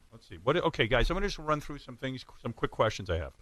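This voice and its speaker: A radio host in his studio, talking into a close mic and firing off quick instructions to the crew. His pitch moves around a lot as he goes. He stays casual and businesslike. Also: sing-song, fairly bright tone. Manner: brisk, giving quick directions to the crew. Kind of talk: casual studio chat during a sound check. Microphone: studio microphone.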